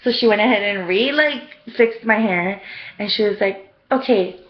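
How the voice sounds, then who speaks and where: A young woman tells a rambling story for her vlog, chatty and full of "like" and "um." Her voice is mid-pitched at a moderate pace, though the recording sounds muffled.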